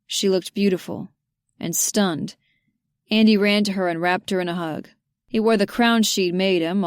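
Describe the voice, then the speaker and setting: A woman narrating a romance audiobook, lively and giving the characters their own voices, on a close mic. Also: lowish voice, no room sound.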